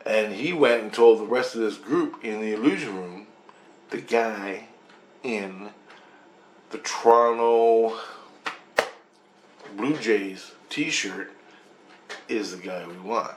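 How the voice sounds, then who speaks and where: A man's voice: on the low side, a little slow, reverberant, a little hiss or hum. A man telling a long, rambling story in a monologue, swearing freely and restarting sentences. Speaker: vlogger recounting a dream.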